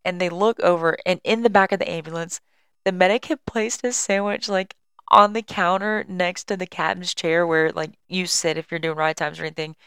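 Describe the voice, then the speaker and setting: A woman's voice: lowish voice, fairly even intonation, normal speed, a bit bright, clean tone, dry recording. A young woman hosting a podcast from home, casually and chattily telling a work story and apologizing. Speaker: podcast host and EMS worker. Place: at home on a couch.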